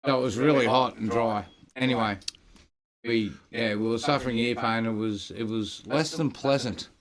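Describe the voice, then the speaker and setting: A man's voice: medium pitch, normal speed. A man in casual chat, laid-back and rambling with many fillers. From Australia.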